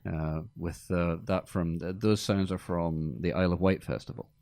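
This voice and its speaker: A man's voice: sits low, steady tone, normal speed, darkish tone, no echo. A man hosting a radio show, chatting casually and joking about films. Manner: joking, puts on silly voices in anecdotes. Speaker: radio host. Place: radio studio.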